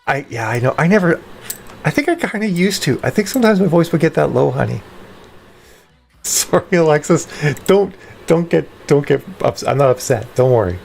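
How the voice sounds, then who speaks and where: A woman's voice: low-pitched, expressive, normal speed, vocal fry, a little mellow, a little hiss or hum. Chatty woman practicing her voice. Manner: self-interrupting, reads chat aloud; practicing voice exercises. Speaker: livestream host. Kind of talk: casual live-stream chat.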